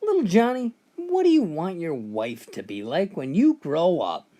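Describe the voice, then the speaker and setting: Earnest female schoolteacher, voiced by a woman, coaxing, very lively melody. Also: fairly low pitch, measured pace.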